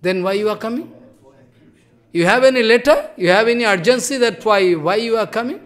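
A man playing a tender-hearted elderly monk who scolds but pleads, slow and heavy in his speech. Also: high-pitched, a bit bright. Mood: stern.

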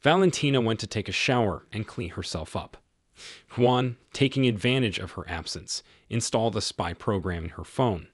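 A man narrating a scripted story in an even, matter-of-fact way. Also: on the low side, normal speed, no room sound.

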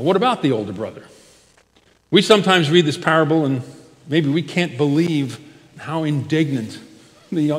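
A pastor preaching a sermon, his voice rising loud and falling quiet for emphasis. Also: on the high side. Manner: expressive preaching, swells loud then drops soft. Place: church sanctuary. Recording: church hall with long reverb.

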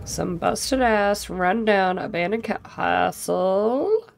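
A woman's voice: mid-range voice, slow pace, creaky, a little hiss or hum. A young woman giving sarcastic let's-play commentary, talking to herself as she plays and swearing freely. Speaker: gaming streamer.

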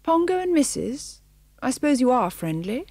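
A woman voicing a brisk, friendly female tabby cat who talks in a chatty, homely way in an audiobook. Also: high-pitched, sing-song, a little mellow, dry recording, pitched above the performer's own voice.

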